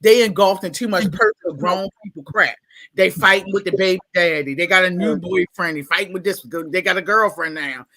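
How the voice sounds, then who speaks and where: Baltimore woman, animated storyteller with a bright voice, who mimics people as she talks. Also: lowish voice, fairly quick. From Baltimore, USA. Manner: animated, laughing, acts out quotes in exaggerated voices. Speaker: guest, school staff. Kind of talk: casual storytelling interview.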